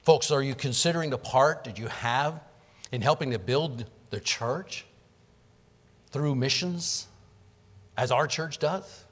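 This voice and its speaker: A man's voice: medium pitch, takes it slowly, long pauses, husky. Emphatic preaching man in a reverberant hall. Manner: preaching with rising emphatic surges and repeated words. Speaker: pastor. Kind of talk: sermon. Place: church sanctuary.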